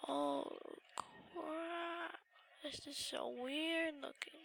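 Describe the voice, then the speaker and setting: High-voiced sick girl in frantic gameplay. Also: slow pace, a little hiss or hum, low-quality recording. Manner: excitable, panicky exclamations, drops to whispers. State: sick with a sore throat. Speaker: gamer. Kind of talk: gameplay commentary.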